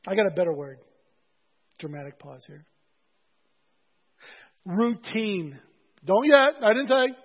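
A man preaching a sermon to his church, conversational and joking with the congregation, with a husky voice. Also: sits high, big pitch swings, normal speed. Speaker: pastor. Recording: dull audio in a reverberant hall.

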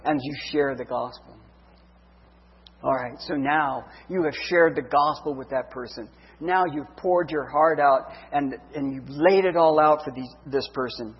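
A man's voice: fairly high pitch, unhurried, husky. A man in his fifties giving an earnest sermon testimony, telling his story with heartfelt feeling. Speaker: preacher. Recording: dull echoey hall.

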